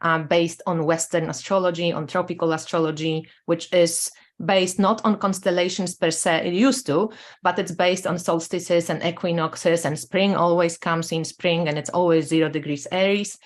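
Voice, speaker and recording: A woman's voice: on the low side, fairly even intonation, moderate pace, few pauses. A woman host of an interview show, explaining at length with restarts. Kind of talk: casual interview.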